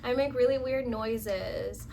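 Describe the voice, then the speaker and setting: A woman's voice: on the high side, slow, vocal fry, noisy background. A young woman vlogging casually at home, rambling and giddy, with lots of fillers and squeals while she builds furniture. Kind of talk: casual storytime chat. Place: home room, indoors.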